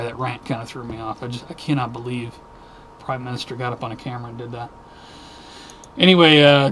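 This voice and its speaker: A mid-range male voice, with a slight hiss or hum behind it, hosts a casual weekly news video. He rambles, restarts sentences, and gets worked up easily while ranting about the stories.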